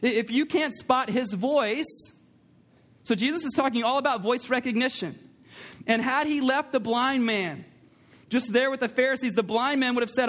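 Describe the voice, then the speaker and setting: A man with a high voice preaching a sermon in a church. He speaks emphatically, repeats his key lines and puts questions to the congregation. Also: moderate pace, a bit bright. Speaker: pastor. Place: church sanctuary.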